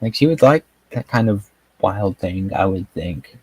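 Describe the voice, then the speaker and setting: A man's voice: low-pitched, lively intonation, unhurried, breathy edge, no echo, low-quality recording. A man chatting casually as he reviews a TV episode, rambling with lots of fillers and frequent chuckles. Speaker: TV show reviewer. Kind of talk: casual video review chat.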